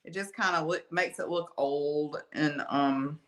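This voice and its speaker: A woman's voice: deep voice, unhurried, a bit bright. A woman with an Alabama accent giving a chatty, folksy live painting tutorial, with a slight lingering cough. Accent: Alabama Southern US. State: lingering cough after being ill. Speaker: art instructor.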